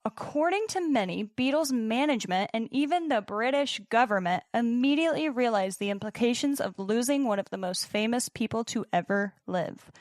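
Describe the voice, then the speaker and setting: A young woman co-hosting a podcast, telling a story in partly scripted narration with dramatic pauses and casual swearing. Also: fairly high pitch, animated, no room sound, clean studio sound. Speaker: podcast co-host.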